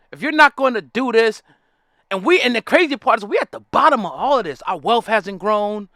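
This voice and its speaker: A man's voice: high voice, sharp tone, no room sound, clean studio sound. A man ranting in heated commentary, repeating himself and calling on his listeners. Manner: fiery, repetitive, preachy, addresses the audience directly. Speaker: commentary host.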